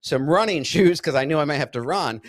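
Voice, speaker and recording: In casual podcast chat, a man tells a rehab story as an animated storyteller, laughing often and yelling out what people said. His voice is a little high and fairly quick.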